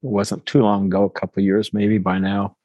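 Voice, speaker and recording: A low-voiced older man in his seventies speaks with a husky grain, reflecting slowly and carefully on his experiences as an interview guest. The sound is dry and close, with no room around it. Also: flat delivery, mellow, dry recording, lo-fi sound. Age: 70s. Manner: measured, thoughtful, with small restarts.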